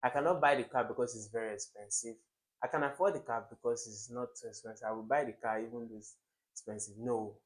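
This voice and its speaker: A man works through exam questions as a tutor, lively and emphatic in delivery. His voice sits in an ordinary middle pitch, and he keeps tossing rhetorical questions at the viewer. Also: quick pace, poor audio. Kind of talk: classroom-style exam lesson.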